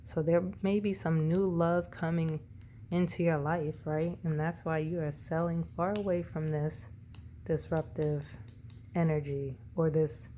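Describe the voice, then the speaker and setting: A woman's voice: deep voice, flat delivery, a little slow, warm tone, slight background noise. A woman doing a casual tarot reading, rambling and often correcting herself. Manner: rambling, self-correcting, tongue-tied. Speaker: tarot reader.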